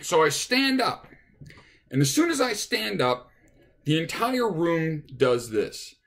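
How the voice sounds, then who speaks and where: A man's voice: on the high side, sing-song, slow, fairly bright tone. A man, a touring musician, casually telling a rambling anecdote with restarts, acting out what people said. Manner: rambling, with restarts and acted-out quotes. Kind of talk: casual storytelling.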